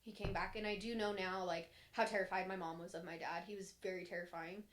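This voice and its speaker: A woman's voice: lowish voice, fairly even intonation, fast. A young woman on a podcast, casually recounting her childhood in a candid, rambling way, full of "like" and restarts, sometimes voicing others in a sharper tone. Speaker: podcast co-host. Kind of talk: casual personal storytelling.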